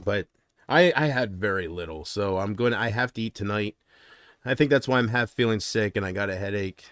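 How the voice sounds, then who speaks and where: A man chatting casually on a livestream, rambling and griping. He swings from loud complaints to muttered asides and trails off mid-sentence. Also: on the low side, brisk, no echo, studio quality.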